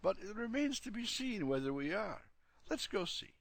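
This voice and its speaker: A man's voice: high voice, big pitch swings, normal speed, gravelly, dry recording, voice pushed up, heavily acted. A man voicing a cheerful, unflappable old man with a breezy, matter-of-fact way of talking.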